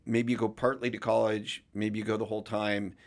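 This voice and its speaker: A man's voice: lowish voice, little pitch movement, brisk. A man hosting a casual interview podcast, giving advice in long, reflective sentences. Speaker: podcast host.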